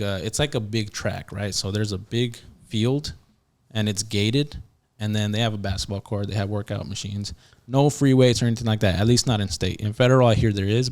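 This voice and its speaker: A man, a podcast guest and former prison yard officer, telling a story casually with lots of fillers and restarts and acting out quotes. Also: lowish voice. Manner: animated, acts out quotes, many fillers and restarts.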